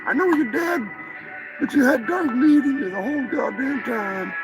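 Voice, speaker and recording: A man's voice: extremely high pitch, moderate pace, loud music behind the voice, pitched above the performer's own voice, rough recording. A man voicing a crude, hyperactive male turkey sidekick who squeals, chants and swears. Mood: ranting.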